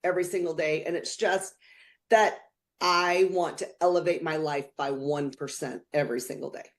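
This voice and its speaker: A woman's voice: sits low, steady tone, moderate pace. A woman co-hosting a motivational podcast, speaking earnestly and from the heart, with many fillers. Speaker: podcast co-host. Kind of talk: casual motivational chat.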